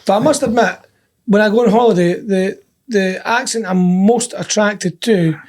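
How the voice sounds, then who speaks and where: A Scottish man with a notably high speaking voice, bantering on a podcast. He tells stories in a loose, chatty way and laughs often between points. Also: moderate pace, darkish tone. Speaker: podcast co-host. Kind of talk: casual banter.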